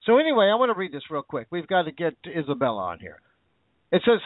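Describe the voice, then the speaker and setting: A man's voice: fairly high pitch, wildly swooping pitch, fast talker, dry recording. A man hosting a show, ranting with sarcasm and indignation, repeating himself. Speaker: show host. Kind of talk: ranting commentary. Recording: tinny phone-like line.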